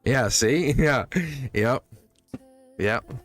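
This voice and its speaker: A man's voice: medium pitch, very slow, soft background music. A man hosting a live tarot reading, chatty and reassuring, speaking straight to a viewer and often laughing.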